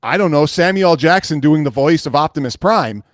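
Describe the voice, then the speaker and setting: Animated man hosting a movie chat. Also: a little high, a little fast, no room sound, studio quality. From Italian heritage. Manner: animated, emphatic, repeats himself. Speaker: host. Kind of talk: casual movie review chat.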